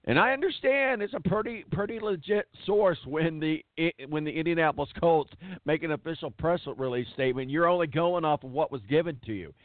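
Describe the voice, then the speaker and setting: A man's voice: fairly high pitch, a little fast, no room sound. A man hosting a sports talk show, ranting bluntly and hammering words for emphasis. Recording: tinny phone-like dry sound.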